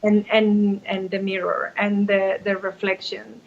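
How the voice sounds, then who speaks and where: A woman's voice: mid-range voice, unhurried, vocal fry, narrow, tinny audio. Woman in her forties, candid. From Mexico. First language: Spanish. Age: 40s. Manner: open and expressive, many restarts. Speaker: guest life coach. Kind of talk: candid personal storytelling.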